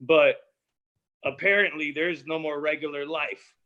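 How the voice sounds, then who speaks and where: A man's voice: on the high side, fairly even intonation, measured pace, muffled recording. A young adult man, a battle rapper guest on a podcast, ranting emphatically in casual, profanity-laced chat.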